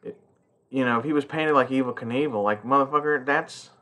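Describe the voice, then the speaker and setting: A man's voice: mid-range voice, a little fast, fairly bright tone. A middle-aged man chatting casually and profanely as he unboxes a toy collector's gift, rambling and heartfelt.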